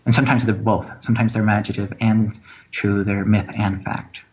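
A man's voice: on the low side, flat delivery, brisk, a little hiss or hum, rough recording. A man who is a playwright, speaking in a casual conversation as a guest, often restarting and repeating words.

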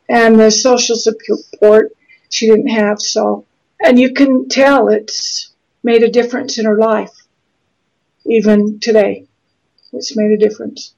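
A middle-aged woman from Utah, speaking earnestly and haltingly as an author in an interview, often restarting her sentences. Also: a little high, fairly even intonation, vocal fry, darkish tone. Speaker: guest author. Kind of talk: interview conversation. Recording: slightly dull lo-fi audio.

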